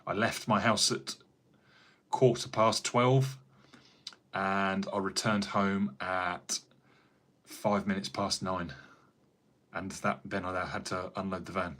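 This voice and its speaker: Man, English accent, lowish pitch, rambling casual chat, answers viewer comments. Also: level tone, slow, long pauses, fairly bright tone. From England. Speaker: carpenter streaming live.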